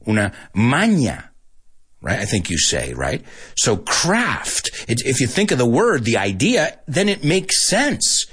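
A playful man teaching English, with a husky voice that swoops wildly up and down. He speaks slowly, tells jokes and laughs at his own punchlines. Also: medium pitch, a bit bright. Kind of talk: live online English lesson with jokes.

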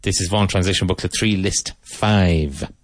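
A man teaching English vocabulary, saying each word slowly, repeating it and spelling it out, with tips on pronunciation. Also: low voice, dry recording. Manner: slow, deliberate, repeats and spells out words.

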